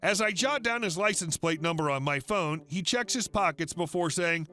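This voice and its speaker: A man with a high, bright voice reads first-person stories in a steady, scripted way. Soft music plays faintly under his narration. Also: normal speed, hardly any pauses.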